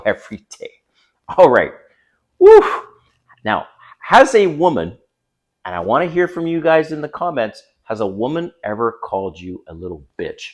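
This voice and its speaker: A man with a fairly low voice talks straight to the camera in a lively, swinging delivery. He coaches bluntly and emphatically, with casual swearing. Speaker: dating advice vlogger. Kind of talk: direct-to-camera coaching talk. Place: home by a busy street.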